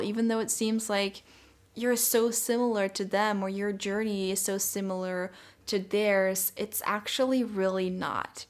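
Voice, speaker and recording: A young woman giving a casual tarot reading, talking in a soft, gentle and reassuring way. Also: medium pitch. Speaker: tarot reader.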